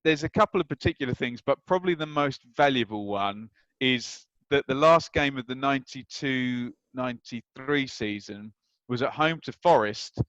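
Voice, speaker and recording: A man in his thirties, a guest telling anecdotes in an animated way and acting out the lines of the people in them. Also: mid-range voice, normal speed, dry recording, highs cut off. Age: 30s. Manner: animated, acts out quoted lines. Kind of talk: anecdotal storytelling.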